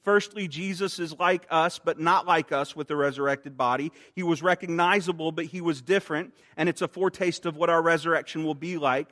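A man delivers an earnest sermon in a fairly high voice. He eases soft and slow on quoted words. The sound carries a long reverb, as in a large church hall. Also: steady tone. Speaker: pastor.

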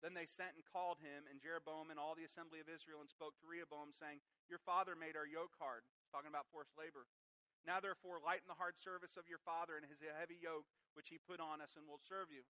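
A man's voice: fairly high pitch, level tone, fast talker, pushed and bright, poor audio. A man preaching a sermon who reads scripture aloud and then explains it with emphatic rhetorical questions. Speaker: pastor.

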